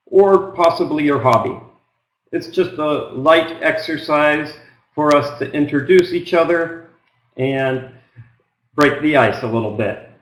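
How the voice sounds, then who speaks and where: A middle-aged American man from Oregon teaches a web seminar in a plain, flat Pacific Northwest accent. He talks slowly, with many ums, in a slightly high voice. The room around him sounds echoey. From Oregon, United States. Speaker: business English trainer. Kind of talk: online trial lesson.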